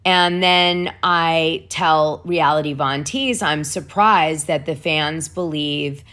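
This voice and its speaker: A woman with a deep yet bright and punchy voice hosts a casual gossip vlog. She chats freely, swears often and reads private messages aloud. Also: takes it slowly. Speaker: gossip show host.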